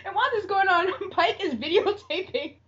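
A woman's voice: extremely high pitch, fairly quick, a bit bright. A woman co-hosting a casual chat show, retelling scenes, quoting characters and laughing often. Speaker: podcast co-host. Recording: dull lo-fi audio.

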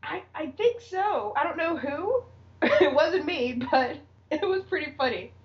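A woman's voice: high voice, expressive, measured pace. A woman co-hosting a casual chat show, retelling scenes, quoting characters and laughing often. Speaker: podcast co-host. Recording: dull lo-fi audio.

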